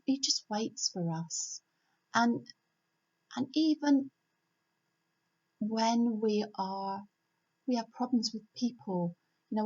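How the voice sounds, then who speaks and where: An older woman giving a homely, gentle devotional talk from home, repeating her key phrases. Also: fairly high pitch. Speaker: church speaker. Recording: dull lo-fi home recording.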